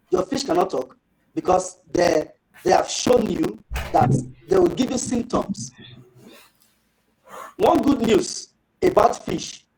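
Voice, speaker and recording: A man giving a fish farming training talk, lively and rhetorical, acting out little dialogues. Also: sits high, low-quality recording.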